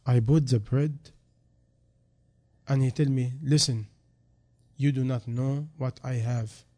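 A man preaching a sermon in non-native English, dropping to quiet reflection and then rising into loud, emphatic calls. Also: mid-range voice, fairly even intonation, slow.

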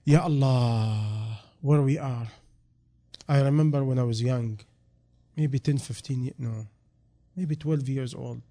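A man preaching a sermon in non-native English, dropping to quiet reflection and then rising into loud, emphatic calls. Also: mid-range voice, fairly even intonation, measured pace, pauses often.

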